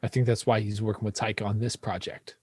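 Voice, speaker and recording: A man's voice: lowish voice, level tone, fast talker, a little mellow, husky, no room sound. Playful rambling American man, dry sound. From United States. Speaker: podcast co-host. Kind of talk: casual chat.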